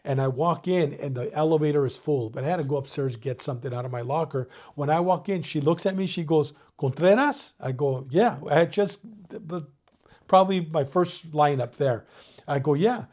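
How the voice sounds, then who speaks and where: In a casual interview, the Mexican-born retired detective, an older man, spins animated, profane stories, dropping "dude" and "you know what I mean" all along. He speaks briskly, his voice on the high side.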